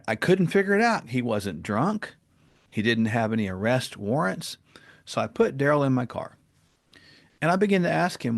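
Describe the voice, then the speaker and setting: A man with a gravelly voice speaks as a podcast guest. His voice sits at a medium pitch. He tells stories earnestly and gets animated as he goes. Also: moderate pace, pauses often. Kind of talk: casual interview talk and storytelling.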